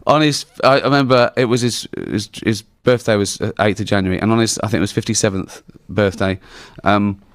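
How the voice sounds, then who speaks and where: A man's voice: lowish voice, fairly quick, few pauses, dry recording, clean studio sound. A man in his forties with an English accent, a comedian telling rambling stories in an interview, laughing at his own punchlines. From England. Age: 40s. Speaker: comedian guest. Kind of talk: casual anecdotal interview talk.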